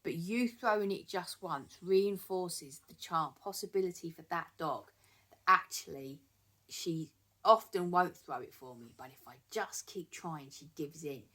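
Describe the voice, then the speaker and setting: Woman, dog trainer, lowish voice, rambling chatty delivery with ums. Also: measured pace, sharp tone. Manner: chatty, repeats words, many ums. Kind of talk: casual talking-to-camera advice.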